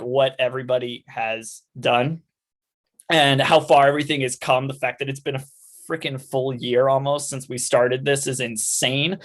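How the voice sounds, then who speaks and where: A man hosting an online livestream, thanking the cast in a rambling, casual way over a video call. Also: medium pitch. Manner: rambling, with fillers and restarts, warm thanks. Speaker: host and organizer of online live readings. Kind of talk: casual wrap-up chat on a livestream.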